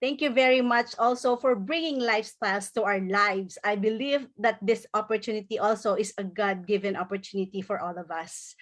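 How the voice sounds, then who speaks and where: A woman's voice: mid-range voice, a bit bright. A middle-aged woman giving an emotional, grateful recognition speech from home, now and then tearing up and laughing through it. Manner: tearful, grateful, breaks into laughter.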